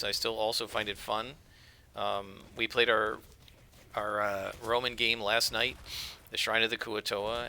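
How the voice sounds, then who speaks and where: A man's voice: fairly low pitch, sharp tone, slight background noise. A man casually chatting while playing a game, rambling with lots of fillers. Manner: rambling, conversational, with frequent fillers. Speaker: let's play gamer.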